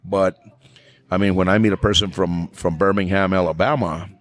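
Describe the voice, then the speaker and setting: A man with a deep, low voice and a New Mexican accent, talking as a podcast guest in relaxed conversation. He is thoughtful and often circles back over his words before he lands on them. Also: moderate pace. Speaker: podcast guest, flamenco singer. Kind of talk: casual conversation.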